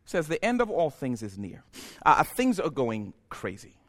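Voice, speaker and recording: A man preaching a sermon in a church, building from quiet, reflective passages to impassioned, near-shouted peaks. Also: fairly high pitch, wildly swooping pitch, normal speed. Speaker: pastor.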